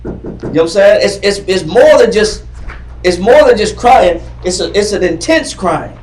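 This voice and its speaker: A man leads a Bible class in a high-pitched, animated, slightly mellow voice at an ordinary speed, repeating points fervently and quizzing his readers. The scripture teaching is emphatic, recorded from a distance in a roomy classroom.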